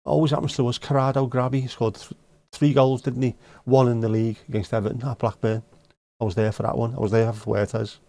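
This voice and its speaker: A man with a Scouse accent chats to his livestream viewers, answering their comments in blunt, sweary banter laced with dry jokes. His voice sits at an ordinary middle pitch, recorded close and dry with no room sound. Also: flat delivery, brisk, creaky, mellow, no echo. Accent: Liverpool (Scouse). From Liverpool, England. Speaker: livestream host. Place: home livestream setup.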